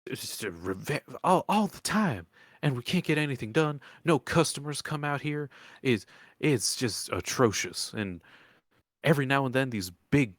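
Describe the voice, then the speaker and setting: A man's voice: mid-range voice, expressive, normal speed, no room sound, studio quality, voice pushed up, close to an everyday voice. A man voicing a folksy older woman who runs a swamp bait shack, with a put-on Southern drawl and a rambling way of talking.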